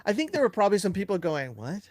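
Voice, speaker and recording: Chatty man with a higher voice. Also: sing-song, racing, no room sound. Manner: chatty anecdotes with filler and restarts. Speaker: co-host and TV producer. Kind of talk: casual live Q&A storytelling.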